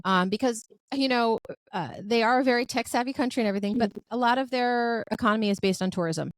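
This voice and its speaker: A woman's voice: on the high side, fast talker, no room sound. A woman hosting a podcast in casual chat, talking in a chatty, effusive way with plenty of filler words. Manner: lively storyteller who acts out quoted dialogue. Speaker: podcast host.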